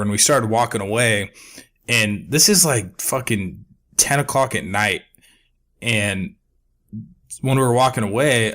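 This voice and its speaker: A young man with a fairly low voice tells a story on a casual podcast. He swears freely and tells it in an animated way. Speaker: podcast co-host.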